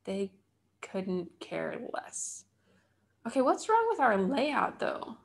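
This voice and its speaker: Slow, creaky and very animated at a medium pitch, this woman, probably in her thirties, runs a gaming channel. In a casual let's play she keeps up chatty self-talk, dropping wry asides as she builds.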